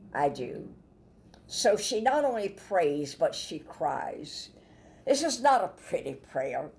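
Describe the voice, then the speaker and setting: A woman preaching a Bible sermon, emphatic, with sudden loud bursts and soft asides. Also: lowish voice.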